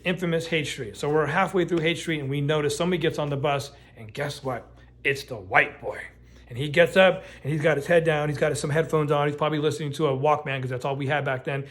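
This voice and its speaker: A middle-aged man telling a true story in a casual, animated way, swearing often and restarting his sentences. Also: on the high side. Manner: animated, profane, lots of restarts and fillers.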